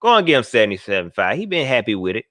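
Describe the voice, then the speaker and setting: A man hosting a live call-in sports show, animated and slangy, joking as he reads viewer comments aloud. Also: mid-range voice, very fast, no echo. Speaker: sports podcast host.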